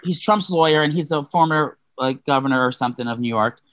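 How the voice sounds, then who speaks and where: A man's voice: fairly high pitch, fairly quick, a bit bright. A young man co-hosting a podcast, chatting casually and gossiping in a rambling way full of fillers and restarts. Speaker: podcast co-host.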